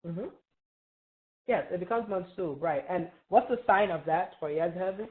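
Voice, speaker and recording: Woman teacher, low register, patient quizzing style, phone-quality audio. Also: normal speed. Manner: patient, quizzes students, frequent "right?" checks. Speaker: Arabic teacher. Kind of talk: classroom review lesson. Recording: tinny phone-like online call.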